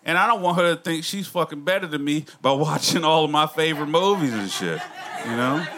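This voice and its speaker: A man's voice: a little high, fairly quick. A man in his thirties doing a stand-up comedy set, swearing a lot and laughing through his own jokes. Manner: profane, laughing, animated storytelling. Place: comedy club stage. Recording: noisy club recording.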